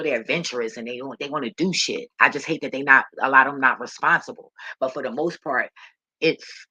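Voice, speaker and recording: A woman's voice: sits low, pushed and bright, slightly rough, no room sound. A woman vlogger telling a story in a blunt, heated, profane rant.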